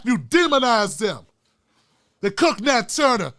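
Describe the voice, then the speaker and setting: A middle-aged man hosting his own online show, ranting with fiery, profane, preacher-like repetition and swinging from hushed asides to shouting. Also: extremely high pitch, lively intonation, measured pace. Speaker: YouTube show host. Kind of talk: impassioned vlog rant.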